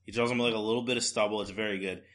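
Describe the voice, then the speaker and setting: A man's voice: on the low side, fairly even intonation, very fast, fairly bright tone. A man co-hosting a casual podcast chat about comics, loose and conversational with many fillers. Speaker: podcast co-host. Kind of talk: casual comic book discussion.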